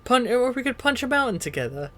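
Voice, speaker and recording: A man voicing a friendly giant monster who talks in a soft, soothing, kindly way. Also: very high voice, sing-song, fast, voice pushed up, full character voice.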